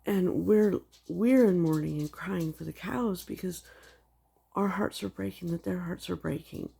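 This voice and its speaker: A woman's voice: lowish voice, measured pace, gravelly, mellow, breathy edge. A woman casually retelling her dreams in a religious vlog, rambling with lots of "like" fillers. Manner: rambling storytelling with many "like" fillers. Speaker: video blogger sharing dreams.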